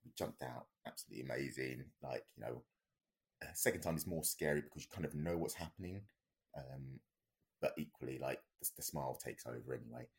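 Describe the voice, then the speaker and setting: A man's voice: extremely low pitch, fairly quick, creaky. A man, a podcast co-host, telling a story in a rambling, casual way with many fillers and restarts.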